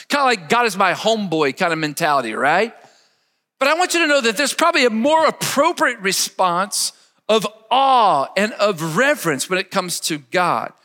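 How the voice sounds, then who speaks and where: A man's voice: sits high, bright, forceful tone, big-room sound. A man preaching a sermon emphatically, leading his listeners to repeat words after him. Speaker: pastor.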